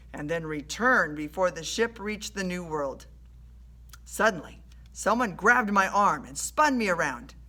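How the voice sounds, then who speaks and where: A woman reading a children's adventure story aloud in an animated storytelling way. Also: on the low side. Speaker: storybook reader.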